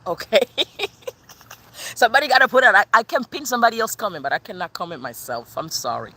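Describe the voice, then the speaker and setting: A woman giving a live tarot reading, excitable and expressive, swearing casually as she talks to viewers. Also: mid-range voice, unhurried, pauses often, slight background noise. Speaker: tarot reader.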